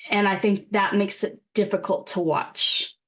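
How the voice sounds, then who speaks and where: A woman's voice: medium pitch, steady tone, unhurried, a bit bright. Woman, podcast co-host, casual chat, wry, profane, laughs often, mid-range voice.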